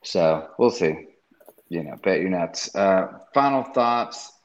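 Slow, deep-voiced man on dull audio. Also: expressive. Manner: slow, hesitant, restarts often. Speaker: podcast co-host making betting picks. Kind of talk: casual sports-betting chat.

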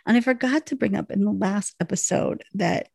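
Gravelly-voiced woman recapping with laughs. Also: mid-range voice, moderate pace, no room sound. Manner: animated storytelling, laughs often, many fillers. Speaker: podcast co-host recapping a TV episode. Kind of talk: casual chat.

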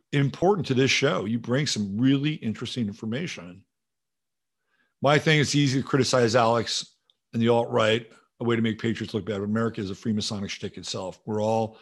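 Male livestream host, mid-pitched, casual and profane, rambling while reading chat. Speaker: show host. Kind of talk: livestream talk reading viewer comments.

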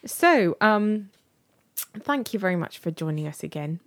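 A woman's voice: mid-range voice, very animated, measured pace, dry recording. A woman hosting a podcast in casual, playful chat. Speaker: podcast host.

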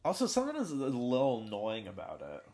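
A man's voice: medium pitch, huge pitch swings, fast talker, warm tone. A man co-hosting a podcast, teasing his partner with dry, blunt, short replies. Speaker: podcast co-host. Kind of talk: casual chat.

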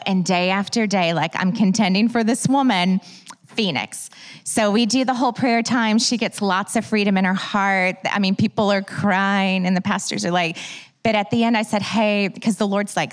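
A woman teaching at a church, telling prayer stories in an animated way and acting out her own dialogue. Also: mid-range voice, moderate pace.

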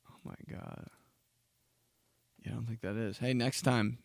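A young man hosting a casual solo podcast, ranting profanely and acting out mocking quotes in shrill voices. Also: lively intonation, moderate pace, gravelly, dry recording. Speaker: podcast host.

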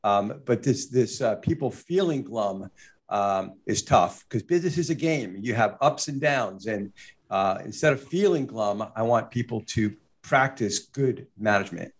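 A man with a lowish voice talks thoughtfully in a casual business podcast chat. He weighs his points, often pausing with fillers before going on. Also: animated, breathy edge. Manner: thoughtful, with frequent fillers and restarts. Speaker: managing partner, regular podcast guest.

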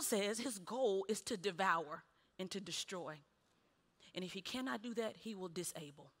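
A woman preaching a sermon, animated, with punchy repeated refrains and laughing between lines. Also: medium pitch, normal speed. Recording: long hall reverb.

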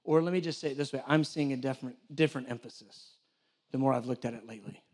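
He's a church director delivering a sermon at a quick clip in a medium-pitched voice. Expect animated storytelling in which he acts out the exchanges, along with jokes aimed at the congregation.

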